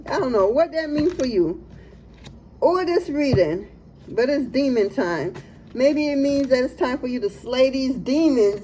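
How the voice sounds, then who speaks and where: A woman's voice: sits high, expressive, a little slow, dark tone, slight background noise, low-quality recording. Laughing, slangy woman tarot reader. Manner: laughs often, slangy and playful. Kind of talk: casual tarot reading.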